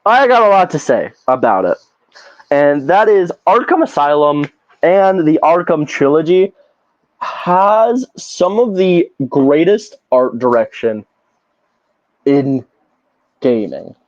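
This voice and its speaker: A man's voice: a little high, big pitch swings, takes it slowly, dry recording. Profane, ranting man on a podcast. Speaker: podcast co-host. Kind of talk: casual podcast chat. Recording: slightly dull lo-fi podcast audio.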